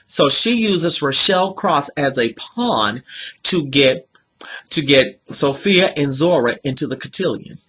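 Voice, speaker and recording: A man's voice: fairly high pitch, expressive, measured pace, sharp tone, husky. A young man recapping a TV episode in a sassy, chatty way, full of slang and asides to viewers. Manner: sassy, slangy, says honey and y'all.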